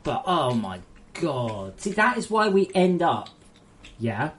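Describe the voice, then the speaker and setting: A woman game developer talking on a live stream, reading out viewer messages as she goes. Her voice sits low for a woman, and her pitch swings widely as she rants. She is quick to anger and swears freely. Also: sing-song. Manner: profane, ranting, quick to anger. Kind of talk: casual livestream chat, reading viewer messages aloud.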